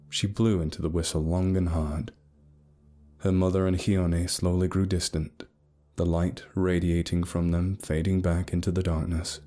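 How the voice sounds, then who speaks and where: A man narrating a scripted horror story in a steady, grave storytelling manner. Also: low voice. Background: soft music.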